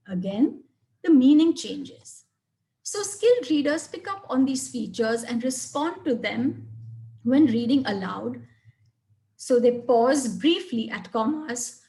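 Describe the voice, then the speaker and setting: A woman with a fairly high voice leads a webinar lesson. She explains step by step in a clear, measured manner and leans on single words to show how stress changes meaning. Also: animated, darkish tone. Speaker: teacher presenting a webinar. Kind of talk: webinar lecture.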